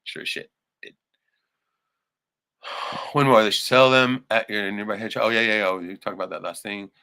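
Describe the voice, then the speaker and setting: A man hosting a casual livestream, rambling and swearing often, suddenly turning loud and excited. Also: on the low side, normal speed, clear, resonant tone. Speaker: livestream host.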